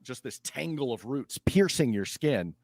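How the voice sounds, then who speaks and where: A man narrating a tabletop game as game master, laughing often and breaking into shouted character cries. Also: mid-range voice, lively intonation, unhurried, no echo, clean studio sound.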